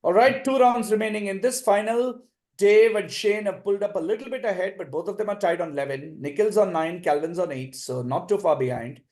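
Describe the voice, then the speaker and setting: A man hosting an online quiz final as quizmaster, reading questions in a measured way and recapping answers with encouragement. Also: sits high, a little mellow.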